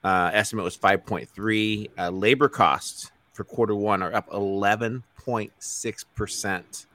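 Man reading economic data in a low voice. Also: fairly even intonation, pushed and bright, no room sound. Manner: reads out economic figures quickly, with filler uhs. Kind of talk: casual market talk show.

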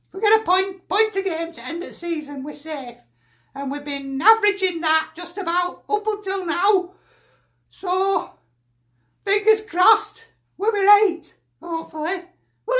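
A very high, bright-toned woman rants in exasperation, swearing freely and sighing heavily between complaints. She sounds like a fan letting off steam straight after a bad result. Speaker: fan sending in a reaction. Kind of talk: ranting fan reaction.

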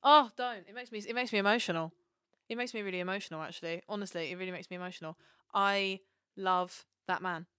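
Excitable woman co-host, gushing chat, dry close sound. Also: mid-range voice, fast, clear, resonant tone, no room sound. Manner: gushing, excitable, acts out quotes. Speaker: podcast co-host. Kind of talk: casual chat.

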